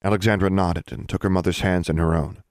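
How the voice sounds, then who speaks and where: Male audiobook narrator, very low voice, dry close sound. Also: fairly even intonation, fast talker, a little mellow, clean tone, no room sound. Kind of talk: scripted narration.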